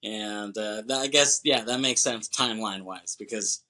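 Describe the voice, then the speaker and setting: Bright-voiced man rambling about a movie. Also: lowish voice. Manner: rambling, swears casually, acts out movie lines in quick voices. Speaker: podcast co-host. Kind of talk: casual movie chat.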